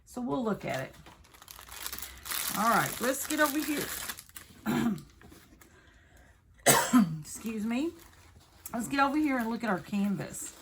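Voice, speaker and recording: A woman's voice: on the high side, very animated, slow pace, long pauses, fairly bright tone, slight background noise. A woman with a Southern accent, chatting and rambling casually as she unboxes and shows off a craft kit. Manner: chatty, rambling, self-correcting. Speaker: craft video host.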